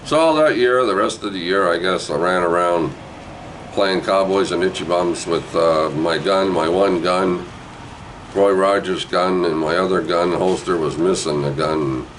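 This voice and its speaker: This New Brunswick storyteller speaks in a low, steady voice at a slightly slow pace, wandering through a childhood memory as casual spoken memoir. His digressive talk leans on tag questions and frequent "eh" and "right." The audio is poor, with some background noise.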